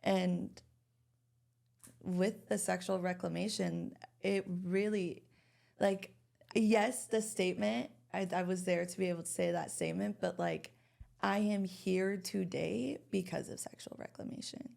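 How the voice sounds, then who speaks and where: A woman's voice: on the low side, a little slow, vocal fry, a little mellow. A young woman guest on a podcast, speaking candidly about her past, full of fillers and restarts. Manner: candid, many fillers and restarts, emotional personal story. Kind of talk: casual podcast conversation.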